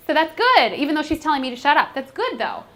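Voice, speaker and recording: Animated woman presenting a teaching workshop. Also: high voice, fast, slight background noise. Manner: animated, conversational, acts out classroom scenes. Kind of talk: teaching presentation with role-play demonstration.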